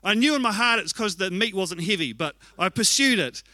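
A man preaching, telling animated, self-mocking stories and speaking candidly about himself. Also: sits high, a little fast, dry recording. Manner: candid and confessional. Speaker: pastor. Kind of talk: sermon with personal storytelling.

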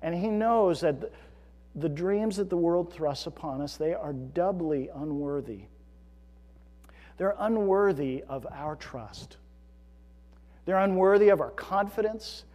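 A man preaching a sermon as pastor, earnest, swelling into emphatic storytelling and dropping to a hush. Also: on the high side, takes it slowly, pauses often, in a large hall. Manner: earnest, rising to emphatic storytelling then hushed.

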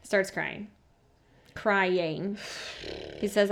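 A woman's voice: mid-range voice, normal speed. A young adult woman co-hosting a casual podcast, recapping reality TV bluntly, swearing freely and laughing often. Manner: candid, profane, laughs often, quotes people in small voices. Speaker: podcast co-host.

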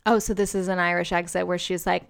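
Animated woman with a smooth voice. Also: on the low side, fast talker. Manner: animated, swears freely, exclaims loudly. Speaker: podcast co-host. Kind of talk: casual chat recapping a show.

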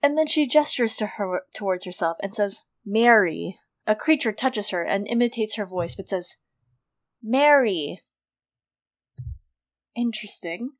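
A woman's voice: mid-range voice, fairly quick, few pauses. A woman co-hosting a podcast, retelling a book chapter in casual, giggly chat. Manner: giggly, animated storyteller. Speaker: podcast co-host.

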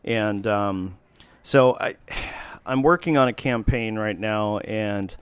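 A man hosting a talk show, chatting in a halting way with many fillers and restarts. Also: lowish voice, clear, resonant tone, no echo. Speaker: podcast host. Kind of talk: casual chat.

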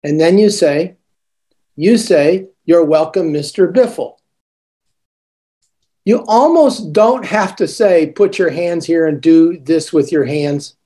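Acting as a teaching coach, a man explains classroom routines and models greetings with sing-song emphasis. His voice is a little high, slow, and warm in tone.

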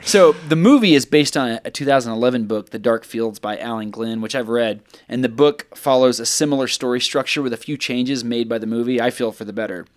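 A man's voice: medium pitch, a little fast, few pauses. A man co-hosting a podcast in casual chat, playful with mock-dramatic buildups. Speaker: podcast co-host.

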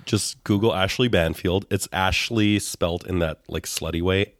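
A man co-hosting a casual podcast chat while sick, his voice raspy with vocal fry, joking and laughing often. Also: low-pitched, a little slow, no room sound, studio quality. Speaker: podcast co-host.

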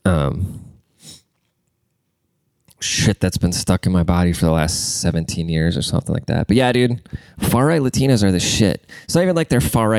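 A man's voice: low-pitched, normal speed, gravelly, a little mellow, clear, resonant tone, dry recording. A man hosting a show, ranting casually with constant swearing and a congested voice. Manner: crude, rambling, swears constantly. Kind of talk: casual profane rant.

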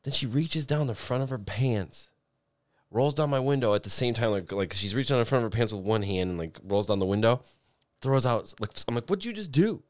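Low-voiced man telling a rambling story. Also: a little fast, no echo, clean studio sound. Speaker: storyteller in a group chat. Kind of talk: casual chat.

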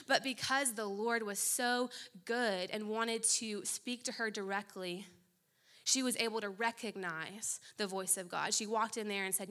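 A young woman preaching a sermon, telling a story with quick asides. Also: medium pitch, pushed and bright.

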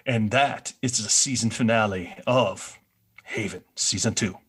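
A man co-hosting a podcast, recapping a TV episode in a relaxed, meandering way. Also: on the low side, a little slow, husky. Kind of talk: casual chat.

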